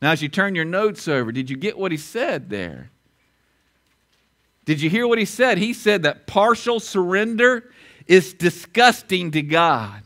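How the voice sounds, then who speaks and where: A male pastor preaching a sermon, emphatic, repeating key lines and swinging between loud and quiet. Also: high-pitched, very animated, unhurried. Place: church auditorium.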